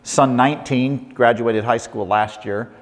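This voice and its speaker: A middle-aged man giving a lively talk to an audience, asking rhetorical questions with playful asides, on a mic in a lecture hall. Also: mid-range voice, measured pace. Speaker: speaker. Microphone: handheld or lapel mic. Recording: long hall reverb.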